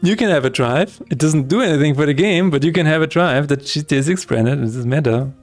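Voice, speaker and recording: Laughing man chatting over soft guitar. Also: fairly high pitch, fairly quick. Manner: joking, laughs often, rambling asides. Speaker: streamer. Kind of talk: casual live-stream chat while coding.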